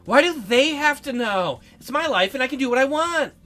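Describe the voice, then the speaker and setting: A man's voice: extremely high pitch, lively intonation, moderate pace, sharp tone, soft background music, exaggerated voice. A man voicing a sulky young woman who has turned into a cat, speaking in a pouty, dismissive way.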